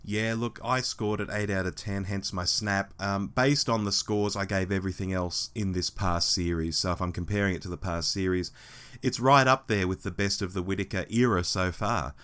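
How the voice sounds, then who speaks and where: A man with a hoarse voice, co-hosting a casual podcast chat in an animated, mock-scolding way. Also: deep voice, moderate pace. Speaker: podcast co-host.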